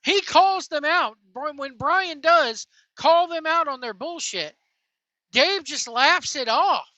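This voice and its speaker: High, bright-voiced woman ranting sarcastically. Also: lively intonation, slow, no room sound. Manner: profane, mocking, sarcastic. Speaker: wrestling commentary vlogger. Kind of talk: ranting reaction commentary while driving. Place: in a vehicle.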